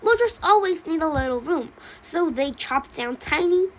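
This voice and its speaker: A high, light voice plays a worried mother pine tree who frets about every danger. A woman reads her out in a plain storybook reading, with a faint hiss behind. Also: animated, moderate pace, poor audio. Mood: fretful. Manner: reads the role labels aloud between lines.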